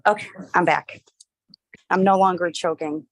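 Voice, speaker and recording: A woman taking part in a live video call, reflective and hesitant, pausing with fillers as she shares. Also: on the low side, fairly even intonation, no room sound. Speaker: participant.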